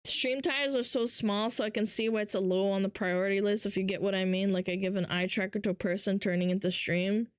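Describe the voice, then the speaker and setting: A woman's voice: medium pitch, fairly even intonation, a little fast, few pauses, smooth, dry recording, studio quality. A woman livestreamer in casual chat, ranting with lots of swearing and mocking her viewers. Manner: ranting, profane, mocking impressions.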